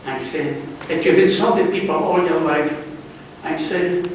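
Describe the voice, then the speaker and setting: A man, telling blunt stand-up stories in gruff street talk at a book signing. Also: sits high, animated, slow, pauses often, sharp tone, a little hiss or hum. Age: 80s. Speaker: comedian. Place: large club function room. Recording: distant mic in an echoey room.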